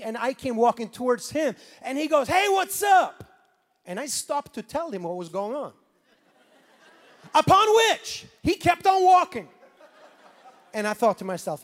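A man from Sweden with a Swedish accent, preaching a sermon as pastor, animated and swinging between quiet asides and loud preaching. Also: high voice, in a large hall.

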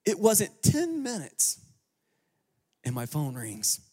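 A male pastor preaching a sermon, telling a story as a lively storyteller with joking asides to the congregation. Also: on the high side, takes it slowly, husky. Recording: long reverb of a large hall.

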